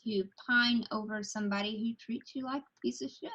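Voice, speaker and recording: A woman with a husky, fairly high voice speaks firmly and reassuringly, pressing her point again and again. The recording sounds dull and lo-fi. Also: fairly even intonation, fairly quick, fairly bright tone. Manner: firm, reassuring. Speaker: friend. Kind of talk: supportive casual chat.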